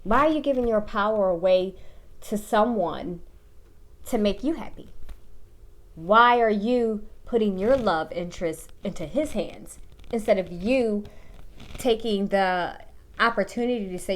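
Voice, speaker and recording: A woman's voice: mid-range voice, a little slow. A woman in her thirties giving casual dating advice straight to the viewer, blunt and full of swearing. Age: 30s.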